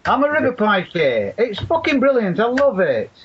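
A man's voice: very high-pitched, huge pitch swings, normal speed, fairly bright tone, breathy edge. A man with a Lancashire accent chatting on a podcast, rambling and swearing constantly. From Leigh, near Wigan, England. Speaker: podcast guest. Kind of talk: casual chat on a podcast. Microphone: laptop internal mic. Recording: dull lo-fi laptop mic.

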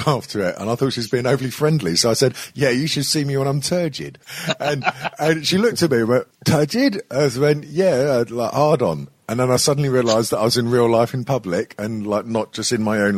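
Man, casual podcast banter, crude and rambling, husky, lively pitch. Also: no room sound. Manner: rambling, sweary, with many fillers. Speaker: podcast co-host.

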